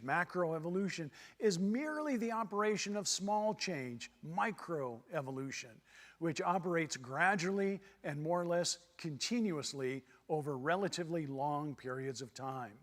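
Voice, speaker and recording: A man's voice: fairly high pitch, a bit bright. A man from Texas giving a church seminar lecture in a folksy way, repeating his points for emphasis. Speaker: seminar speaker. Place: church hall. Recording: long hall reverb.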